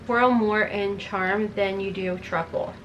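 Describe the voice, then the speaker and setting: A woman's voice: medium pitch, fairly even intonation, slow pace, fairly bright tone, highs cut off, slight background noise. A middle-aged woman chatting casually through a makeup tutorial, rambling with playful asides. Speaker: beauty vlogger.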